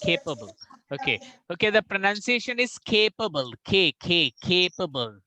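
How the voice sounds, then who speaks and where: A man with an Indian English accent, an English coach drilling pronunciation in an online class, repeating words slowly and slipping into Hindi. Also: high-pitched, very animated, background noise. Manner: drills words by slow repetition, mixing in Hindi.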